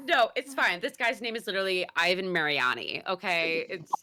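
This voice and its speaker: A woman chatting casually on a podcast as guest host, animated and giggly, full of fillers. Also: lowish voice, moderate pace. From Italian heritage.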